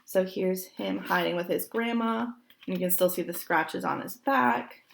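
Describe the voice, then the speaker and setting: A young woman reading a picture book aloud, gentle and expressive, pausing to point at the pictures. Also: mid-range voice, creaky, slight background noise. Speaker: storybook reader.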